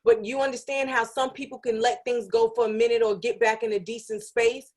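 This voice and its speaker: A woman's voice: a little high, level tone, fairly quick, a little mellow. A woman radio personality guesting on a podcast in casual chat, reasoning things through with frequent fillers.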